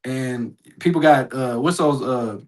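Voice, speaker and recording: A man's voice: medium pitch, a little slow, rough recording. A man co-hosting a sports podcast, reading out listener comments and answering them in a blunt, plainspoken way. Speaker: podcast co-host. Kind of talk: casual sports talk.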